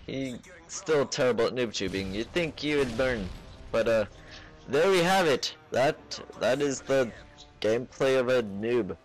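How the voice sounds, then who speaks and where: A man's voice: fairly low pitch, gravelly. A man putting on a vague foreign accent as a mocking play-by-play commentator over gameplay. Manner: dry, mocking play-by-play narration. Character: male mock commentator in a made-up foreign accent.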